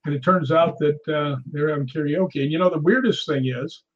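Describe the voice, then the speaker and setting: A man, a guest ghost hunter, telling animated stories in a casual conversation. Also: on the high side, a little fast, highs cut off. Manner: animated anecdotal storyteller.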